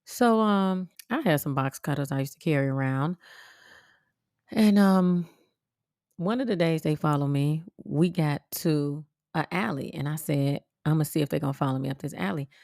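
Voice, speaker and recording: A woman podcast host telling a personal story in a blunt, profane, animated way. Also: deep voice, normal speed, creaky, no room sound, studio quality. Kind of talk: casual storytelling monologue.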